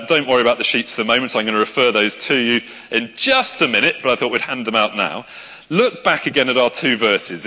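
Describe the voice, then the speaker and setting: A man's voice: medium pitch, bright, forceful tone. A middle-aged man preaching a conversational sermon to a congregation, with small asides and a light laugh now and then. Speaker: pastor. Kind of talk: sermon with a live demonstration. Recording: reverberant church hall.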